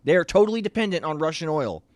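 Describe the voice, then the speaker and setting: A man's voice: a little high, very animated, quick pace, a little mellow, no room sound. A man co-hosting a casual political talk show, rambling and opinionated with frequent restarts. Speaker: co-host.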